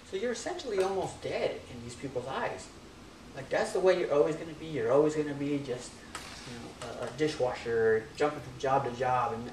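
A man's voice: mid-range voice, a little fast, a little mellow, a little hiss or hum. Pastor, male, easygoing conversational sermon delivery, joking asides, roomy hall sound, mic at a distance. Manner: casual, conversational preaching with jokes and asides.

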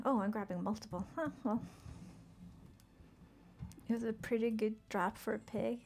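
A woman's voice: a little high, fairly even intonation, moderate pace, creaky, pauses often, darkish tone, slight background noise. Chatty woman streamer, cursing at her game. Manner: swears often, exclaims in frustration; chatty, reads chat aloud and answers it. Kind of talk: casual gameplay commentary.

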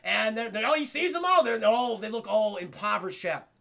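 A man streaming a cartoon recap in a rambling, excitable, profane way, often addressing his chat. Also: sits high, fairly quick, gravelly. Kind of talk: casual profane scene recap.

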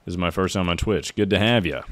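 A young man with a deep, low voice talks through a hard climbing game on a live stream. He chats easily with viewers, curses a lot, and now and then yells out in frustration. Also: fast. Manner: chatty, swears, breaks into loud frustrated outbursts. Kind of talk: casual live gameplay commentary.

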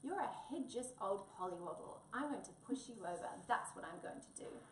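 A woman's voice: on the high side, sing-song, moderate pace. An eager, muddle-headed young wombat chirps in a sing-song, childlike way, as a woman puts him on with a raised voice. The storybook reading rings through an echoey room, caught from some distance with a faint hum behind. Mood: cross.

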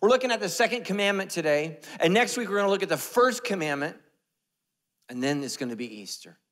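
A man preaching a sermon as pastor, animated and joking, dropping to a hush and jumping up loud. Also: high voice, brisk, big-room sound. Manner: animated, joking, swings between loud and hushed. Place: church sanctuary.

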